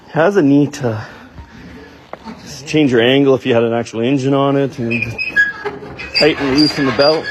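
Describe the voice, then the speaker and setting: A man's voice: mid-range voice, noisy background. A man, a farmer narrating his own shop project in a dry, muttering, self-deprecating way with offhand swearing. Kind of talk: casual project vlog narration.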